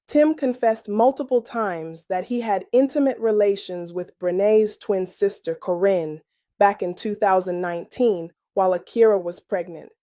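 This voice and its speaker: A woman's voice: mid-range voice, warm tone, no echo, studio quality. A woman hosting a true-crime podcast, delivering scripted commentary with sassy, playful slang asides. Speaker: podcast host.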